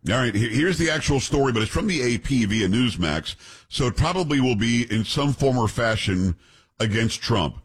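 A middle-aged man hosting a radio talk show, chatting casually and telling stories fast with comic voices. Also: mid-range voice, animated, breathy edge.

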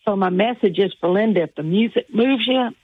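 A woman's voice: medium pitch, fairly quick, husky. A cheerful woman with a Southern accent from Texas, calling in to a radio talk show. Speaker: caller. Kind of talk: call-in radio chat. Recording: tinny phone line.

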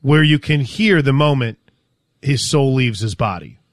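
A man hosting a sports talk show, animated and joking as he chats with his co-host. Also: mid-range voice, a little slow, heavy background noise.

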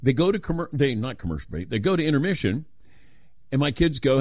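The dry recording captures an older man talking quickly at a medium pitch as he hosts a talk radio show. He's casual and lively with his stories, quoting others in playful put-on voices.

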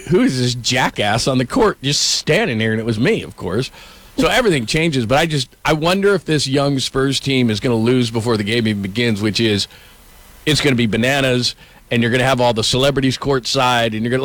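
A middle-aged man, a sports journalist and co-host, telling stories in casual sports talk with quick asides. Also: medium pitch, no room sound. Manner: animated storyteller, quick asides.

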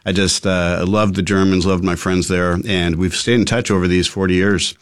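A middle-aged man from Massachusetts, a guest on a radio show, talking quickly and eagerly with many fillers. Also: sits low, fairly even intonation, clean tone, no echo, clean studio sound. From Massachusetts, USA. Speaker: guest, meetup organizer. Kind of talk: radio interview.

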